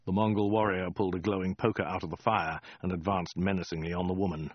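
A man narrating a comic story in a dry, deadpan way. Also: low-pitched, fast, dry recording, muffled recording. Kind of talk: audiobook reading.

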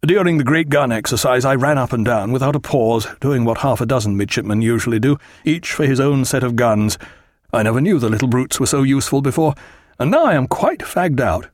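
A man voicing a hearty, bluff naval captain in an audiobook, lively and cheerful. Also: mid-range voice, a little fast, dry recording, studio quality, close to an everyday voice.

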